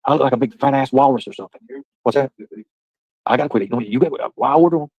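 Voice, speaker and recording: A man hosting a casual livestream, rambling loudly and cursing as he chats with his viewers. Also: medium pitch, fast, breathy edge, dry recording, low-quality recording. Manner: rambling, loud, profane banter with viewers. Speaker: livestream host.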